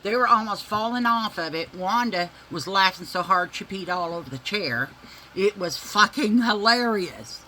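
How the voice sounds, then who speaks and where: A woman with a bright, sharp voice spins a rowdy family tale for her viewers, calling them y'all and laughing through it. Her talk is loose and folksy, peppered with cursing, over a faint background hiss. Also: medium pitch, lively intonation, moderate pace, rough recording. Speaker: vlogger telling a family story. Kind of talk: casual storytelling to viewers.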